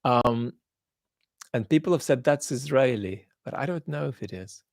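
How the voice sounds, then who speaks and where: The recording is dry and clean studio sound, capturing a man's mid-range voice with lively intonation at normal speed. Hosting a live stream and reading out viewer comments, he speaks thoughtfully with many ums in an accent holding traces of Australian and London, and turns blunt when he judges.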